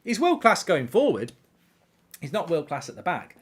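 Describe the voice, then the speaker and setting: A man's voice: fairly high pitch, normal speed, breathy edge. A man hosting a live football watchalong, chatting casually and reading out viewer comments. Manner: animated, reading viewer comments, frequent fillers. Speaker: host.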